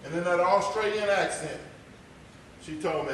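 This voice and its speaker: A dramatic Texan man with a high-pitched voice gives a personal testimony speech as a motivational speaker at a moderate pace, shifting between loud and hushed. He's recorded far from the mic in an echoey hall, with a slight hiss or hum.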